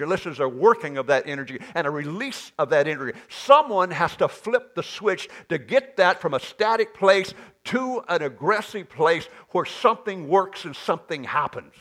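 Animated male preacher, lively high voice. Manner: animated preaching with sudden loud, high bursts. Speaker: pastor. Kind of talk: sermon. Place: church.

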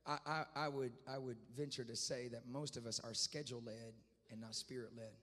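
A man preaching a sermon as a traveling evangelist, telling a story quietly and then rising to loud shouted climaxes. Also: mid-range voice, steady tone, fairly quick, in a large hall. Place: church sanctuary.

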